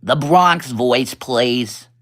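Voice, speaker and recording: Male streamer, mid-pitched, blunt and foul-mouthed, rambling casual chat to viewers over a phone. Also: drawn-out words. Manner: blunt, profane, chatty, swings up in pitch when excited. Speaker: livestream host. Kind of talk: casual livestream chat reading comments.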